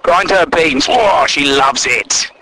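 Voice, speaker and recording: A man's voice: fairly high pitch, takes it slowly, pushed and bright, a little hiss or hum, low-quality recording. A man doing a stand-up comedy routine, sweary and incredulous, acting out both sides of imagined conversations.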